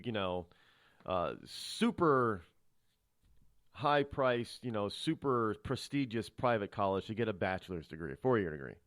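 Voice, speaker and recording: Lively, lecturing talk radio host. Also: male voice, medium pitch, dry recording, studio quality. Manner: lecturing, rhetorical questions, restarts. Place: radio studio. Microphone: studio microphone.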